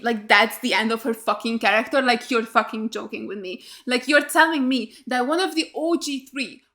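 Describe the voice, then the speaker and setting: A woman hosting a TV reaction video, excitable and blunt, swearing freely. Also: fairly high pitch. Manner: gasps and laughs in surprise. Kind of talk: casual TV reaction commentary.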